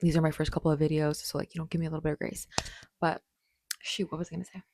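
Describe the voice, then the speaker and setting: A woman's voice: low voice, level tone, rapid-fire, vocal fry, darkish tone, dry recording. A woman in her late twenties talking casually to camera in a rambling, bubbly way with lots of fillers. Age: late 20s. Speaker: vlogger.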